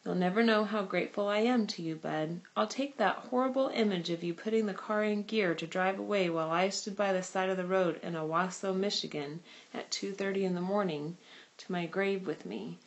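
A woman's voice: mid-range voice, brisk, natural voice, low-quality recording. A woman reading aloud as a friendly middle-aged man driver who teases and jokes in a talkative way. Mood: teasing.

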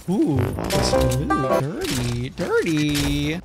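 Young male streamer, hyper trash-talker, very animated pitch, music bed. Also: measured pace, hardly any pauses. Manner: loud, hyper, swears and trash-talks. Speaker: gaming streamer. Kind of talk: excited gameplay commentary. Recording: music playing behind.

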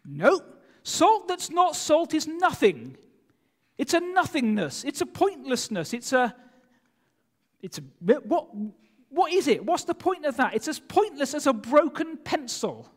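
High-voiced, animated male preacher. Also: unhurried. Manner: animated, asks listeners rhetorical questions. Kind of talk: sermon. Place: church. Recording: long church hall reverb.

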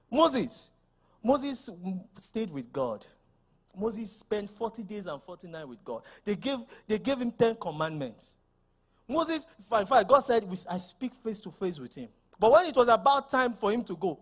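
Pastor preaching, high voice, punchy questions and shouts. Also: male voice, sing-song, normal speed. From Nigeria. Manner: emphatic preaching, rising to shouts, rhetorical questions. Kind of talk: sermon.

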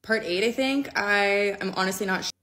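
A woman's voice: medium pitch, moderate pace, a bit bright. A woman recounting a personal story in a conversational way, often checking in with "okay?".

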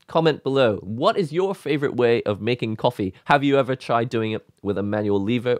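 A man hosting a casual vlog, talking excitedly and emotionally in a rambling way. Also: lowish voice, no echo, clean studio sound. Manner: excited, rambling, with laughs and sighs. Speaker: YouTube host.

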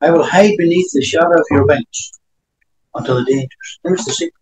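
A man's voice: a little high, brisk, noisy background. Emphatic preacher man, echoey hall. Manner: emphatic, reads scripture aloud between remarks. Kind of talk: sermon.

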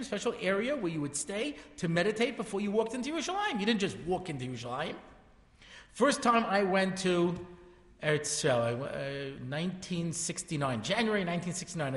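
A man's voice: sits high, a bit bright. A man around sixty, a rabbi telling jokey stories in a lecture to a live audience in a large hall, full of chatty asides and self-interruptions. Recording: echoey hall reverb.

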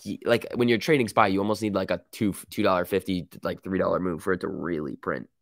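Low creaky-voiced man streaming markets. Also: steady tone, no echo, studio quality. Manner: casual, quick reactions, slangy. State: sick voice. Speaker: stock market livestream host. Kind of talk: live market commentary, reading chat.

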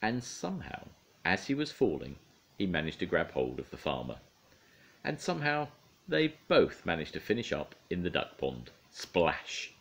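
Deep-voiced grandad reading a bedtime story. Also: male voice, moderate pace, vocal fry. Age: older. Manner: expressive, playful storytelling to children. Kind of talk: storybook read-aloud.

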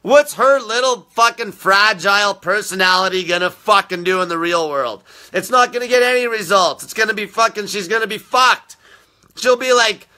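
Brief: high-pitched, very bright, tense male host, abrasive, profane and insulting, live-stream rant. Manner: aggressive, constant swearing, insulting viewers. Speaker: fasting diet coach hosting a live show.

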